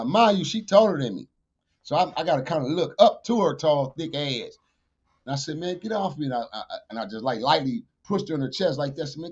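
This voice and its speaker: A man, a podcast guest telling a street story with profanity, acted-out dialogue and shouted sound effects. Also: fairly high pitch, husky. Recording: dull lo-fi podcast audio.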